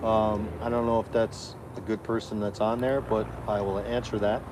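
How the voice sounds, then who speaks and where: Low-voiced joking man, noisy background. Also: little pitch movement, normal speed. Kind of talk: casual chat.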